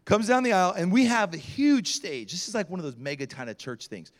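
Animated storytelling man preaching. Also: high voice, fairly quick. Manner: animated storyteller acting out quotes. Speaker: pastor. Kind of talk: sermon storytelling.

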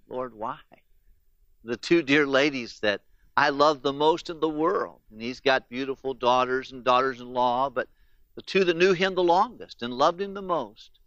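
A man's voice: mid-range voice, sharp tone, smooth, no room sound, muffled recording. A man who is a pastor, preaching a sermon and telling stories in an earnest way, with the questions of grieving people spoken in their voices.

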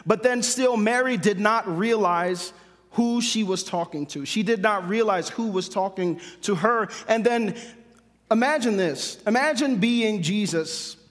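A man's voice: sits high, measured pace. A man preaching a sermon emphatically, repeating phrases for stress. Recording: long hall reverb.

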